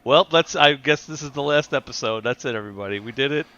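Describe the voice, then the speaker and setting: A man's voice: medium pitch, a little fast, sharp tone, highs cut off. A man hosting a casual podcast chat, joking and laughing often. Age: adult with a wife. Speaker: podcast host.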